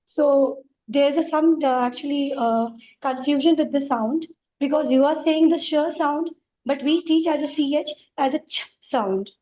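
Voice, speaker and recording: A woman's voice: high voice, steady tone, moderate pace, mellow, low-quality recording. A woman teacher, asking a hesitant question on a video call, full of fillers and polite "ma'am". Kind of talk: question in an online teacher training.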